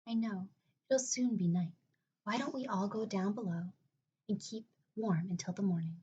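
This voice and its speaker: A woman voicing a soft-spoken lady spider. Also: mid-range voice, moderate pace, breathy edge, dull audio. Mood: hushed. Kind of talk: reading a children's book aloud.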